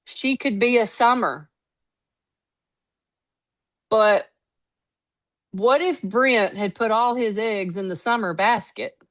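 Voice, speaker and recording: She speaks slowly, with a fairly high pitch and long pauses. A network marketing team leader, she gives a relaxed motivational talk, telling stories with lively emphasis and playing out other people's lines.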